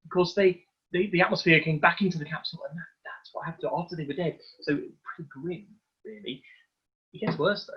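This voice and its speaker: A man presenting a live online science demonstration for children, explaining each step in a lively, hands-on way. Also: on the high side, brisk, slightly rough, lo-fi sound.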